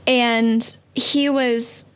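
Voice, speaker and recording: Rambling woman with a higher voice. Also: steady tone, drawn-out words, clear, resonant tone. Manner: rambling, apologetic, lots of fillers. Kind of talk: casual podcast chat.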